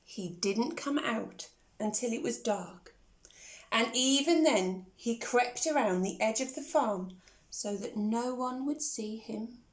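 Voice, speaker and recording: Animated woman reading a children's story. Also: a little high, slow. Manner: animated, asks the listener questions. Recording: echoey room.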